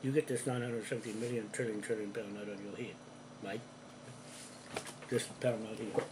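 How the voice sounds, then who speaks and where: A man giving an angry, profane monologue to camera from a room at home, accusing people directly and growing louder when heated. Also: lowish voice, steady tone, moderate pace, background noise. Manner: forceful, ramps up in volume when heated. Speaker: video ranter.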